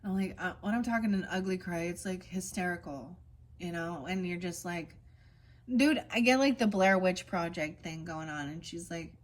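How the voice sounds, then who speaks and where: A woman reading oracle cards in a casual spiritual vlog, switching between slow, gentle card readings and rambling chatty asides. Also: fairly low pitch. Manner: reads card meanings in a soft, slow cadence.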